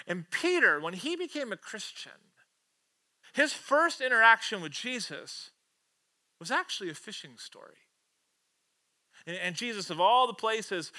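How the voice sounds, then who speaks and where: A man preaching a lively, playful sermon in a high voice. His tone is strikingly bright and sharp. He swings between loud acted-out quotes and quiet, joking asides. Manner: playful, casual slang and self-aware jokes. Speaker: pastor.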